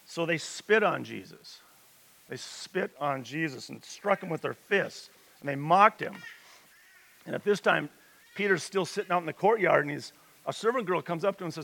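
A man's voice: a little high, a little fast, creaky, fairly bright tone. A man preaching a sermon, retelling scripture in a conversational storytelling way with emphatic rises. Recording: reverberant hall.

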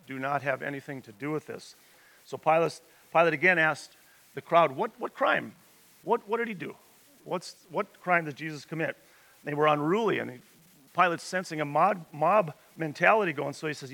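A man's voice: fairly high pitch, vocal fry, sharp tone. A man preaching a sermon, retelling scripture in a conversational storytelling way with emphatic rises. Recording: reverberant hall.

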